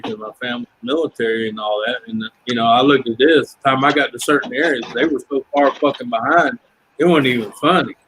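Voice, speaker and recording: A man's voice: medium pitch, a bit bright, slight background noise, low-quality recording. A man in casual chat, talking bluntly, teasing and swearing freely.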